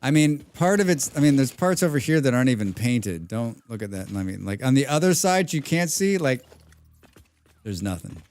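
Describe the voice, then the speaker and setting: A man's voice: mid-range voice, very animated, moderate pace, darkish tone. A man in mid-range voice talking his way through a live gaming stream. He rambles from thought to thought, hums little nonsense sounds under his breath and drops the occasional casual swear. The tone stays loose and conversational throughout. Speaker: game streamer. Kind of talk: casual live-stream chat while playing.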